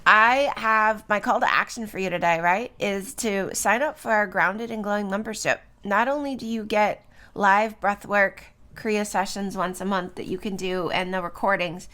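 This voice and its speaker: A woman's voice: medium pitch, normal speed, pushed and bright. A middle-aged woman hosting a solo podcast at home, chatty and loose, full of fillers and little tag questions. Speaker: podcast host. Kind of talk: solo podcast talk on herbs. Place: home, early morning.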